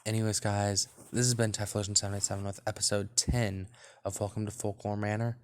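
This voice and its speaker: A man's voice: lowish voice, level tone, a little fast. A man hosting a let's play, reading a visual novel aloud and breaking off into rambling, casual asides.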